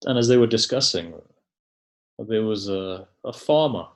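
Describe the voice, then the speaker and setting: A man with a fairly low voice preaches a sermon. He tells it as a story, in a conversational way, and often turns to the congregation with casual asides. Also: animated, a little slow. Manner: conversational, tells stories with frequent "you know" asides. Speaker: religious scholar giving a sermon.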